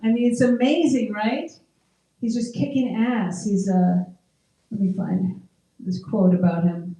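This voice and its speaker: A woman's voice: medium pitch, a little slow, mellow. A middle-aged woman performing a stand-up comedy set, talking conversationally and self-deprecatingly and laughing at her own jokes. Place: open mic comedy show. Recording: echoey room, mic at a distance.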